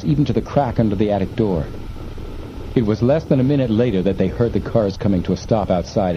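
A man reading an adventure story aloud in a measured, even way, in a dull recording with faint hiss. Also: lowish voice. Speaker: audiobook narrator. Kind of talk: scripted narration.

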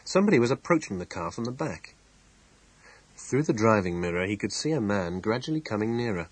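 A man narrating an audiobook in measured, expressive storytelling. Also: fairly low pitch, slightly rough, no echo, rough recording. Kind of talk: scripted narration.

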